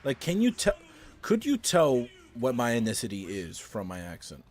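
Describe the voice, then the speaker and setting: A man's voice: mid-range voice, wildly swooping pitch, normal speed, a little mellow. A young man chatting casually on a game stream, rambling with lots of filler words. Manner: rambling, talks to a friend with many fillers.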